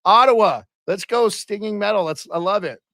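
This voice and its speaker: A man's voice: high voice, moderate pace, pushed and bright, no echo, clean studio sound. A man hosting a casual live hockey stream, chatting loosely and calling out viewers and their locations. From Canada.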